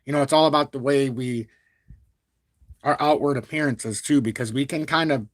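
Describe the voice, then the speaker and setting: A man hosting a crypto live stream, talking at length in a blunt, calm and even tone while reading out viewer super chats. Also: mid-range voice, moderate pace, dry recording. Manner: talkative and blunt, reads super chats aloud; calm, even-toned delivery even when annoyed. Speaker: crypto livestream host. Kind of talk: live-stream market commentary.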